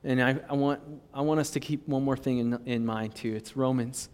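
A young man preaching a sermon as pastor, in a casual, conversational way with quick asides. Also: mid-range voice, steady tone, darkish tone, clear, resonant tone. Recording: long reverb in a large hall.

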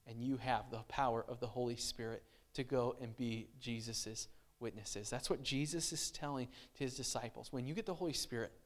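A pastor preaching a sermon in a casual, animated way, often restarting his sentences as he explains scripture. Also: mid-range voice, normal speed.

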